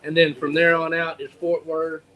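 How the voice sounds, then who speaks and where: A man's voice: fairly high pitch, flat delivery, moderate pace, fairly bright tone, poor audio. A man chatting casually as a co-host, laid-back and chiming in. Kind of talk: casual chat.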